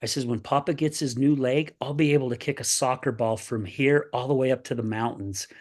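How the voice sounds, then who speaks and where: A man's voice: medium pitch, a little fast. A man in his sixties, a podcast guest, talking in an earnest, upbeat way and often tagging sentences with "right?". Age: 60s. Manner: earnest, upbeat, repeats "right?" and "I tell you what"; plays other people's voices in animated retellings. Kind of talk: candid interview talk.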